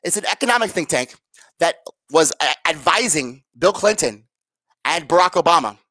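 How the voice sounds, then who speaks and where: A woman's voice: sits low, expressive, moderate pace, fairly bright tone, no room sound. A woman ranting to her viewers as a political commentator, sarcastic, profane and exasperated. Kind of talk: angry political rant to viewers.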